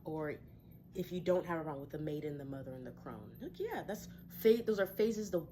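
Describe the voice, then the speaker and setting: A woman with a fairly low voice speaks reflectively and encouragingly as a tarot reader, pausing to sigh or laugh softly. A faint hum of ambience sits behind her. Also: expressive. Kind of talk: casual spiritual talk to viewers. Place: her home.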